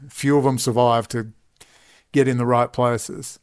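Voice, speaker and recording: Speaking at normal speed in a steady, clean, medium-pitched voice, a middle-aged Australian man rambles through a long personal story. He keeps breaking off into emphatic asides and digressions.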